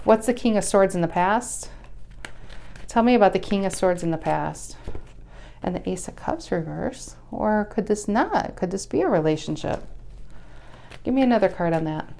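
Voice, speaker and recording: A woman's voice: mid-range voice, a little mellow, slight background noise. A woman doing a casual tarot reading to camera, talking bluntly and chattily, swearing now and then and often restarting her sentences. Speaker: tarot reader.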